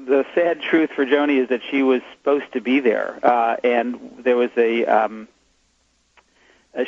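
A man being interviewed as an author, talking in a halting way with many restarts. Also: mid-range voice, vocal fry, lo-fi sound. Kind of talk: radio interview.

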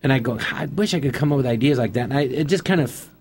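A man's voice: medium pitch, quick pace, slight background noise. Chatty man acting out old stories. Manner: animated anecdotes acting out quotes. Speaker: interview guest. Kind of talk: casual storytelling.

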